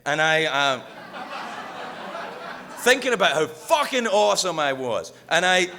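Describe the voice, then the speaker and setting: A man's voice: fairly high pitch, very animated, unhurried, background noise. A man speaking candidly at a recovery meeting, swearing freely and joking with the room. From United States. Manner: swears freely, jokes, shifts between loud bursts and quiet asides. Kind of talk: personal recovery talk, profane and candid. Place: meeting hall with audience.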